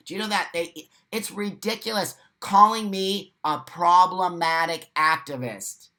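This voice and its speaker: A man's voice: high voice, unhurried, gravelly, sharp tone. American guy hosting a live morning chat, reads comments then rants, swears a lot, very blunt. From United States. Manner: blunt, profane, ranting. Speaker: livestream host.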